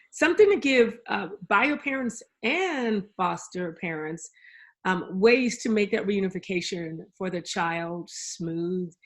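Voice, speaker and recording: A woman guest in a casual conversation, telling stories in an enthusiastic, animated way. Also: medium pitch.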